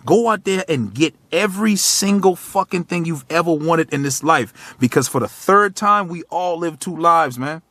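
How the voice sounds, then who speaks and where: A man's voice: on the high side, lively intonation, moderate pace, hardly any pauses, bright, forceful tone, no room sound. Thirties male vlogger, preachy and emotional pep talk to camera, swearing freely, dry recording. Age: 30s. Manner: raw, profane, preachy, speaks straight to the viewer. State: tearful, choked up. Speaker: motivational vlogger. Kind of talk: emotional motivational monologue to camera.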